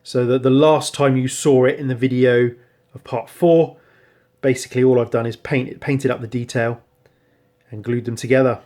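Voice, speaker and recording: Relaxed man rambling casually. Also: medium pitch, normal speed. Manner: relaxed, rambling, frequent ums and self-corrections. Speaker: hobbyist showing painted miniatures. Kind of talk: casual show-and-tell narration.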